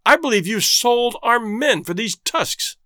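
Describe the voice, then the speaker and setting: A man reading aloud who voices an indignant, excitable male trading agent who shouts and stutters. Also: high-pitched, a little fast, dry recording, studio quality.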